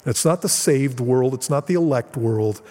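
Guy pastor preaching, teaching verse by verse with casual asides, mid-pitched voice, long hall echo. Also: lively intonation, moderate pace, warm tone. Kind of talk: sermon.

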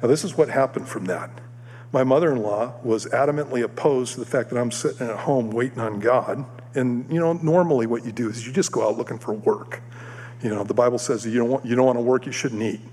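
A man giving a sermon, telling a personal story in an animated way and acting out the voices of the other people in it. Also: medium pitch, brisk, breathy edge. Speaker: preacher. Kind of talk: sermon testimony. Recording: long hall reverb.

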